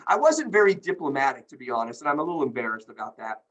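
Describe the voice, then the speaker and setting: A man's voice: mid-range voice, sing-song, fast, few pauses, a bit bright, rough recording. A man speaking as a guest on a group video call, telling stories emphatically and with indignation, acting out quoted dialogue. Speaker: healthcare company executive, guest.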